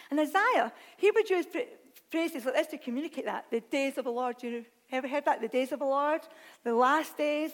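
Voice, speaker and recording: Animated woman preaching in a reverberant hall. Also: sits high. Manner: animated, self-deprecating, reads scripture aloud. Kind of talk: sermon.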